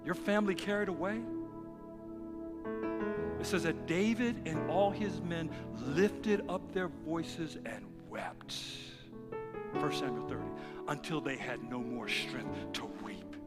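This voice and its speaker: A man preaching a sermon as pastor, dropping to quiet asides and then building to loud, shouted passages. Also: on the high side, takes it slowly. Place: church sanctuary. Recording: music under a voice in a large reverberant hall.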